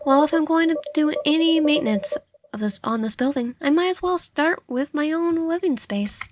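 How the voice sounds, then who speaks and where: A woman reading a visual novel aloud in first person, expressive, with stumbles and asides. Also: sits high, moderate pace, slight background noise. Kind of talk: dramatic game read-through with asides.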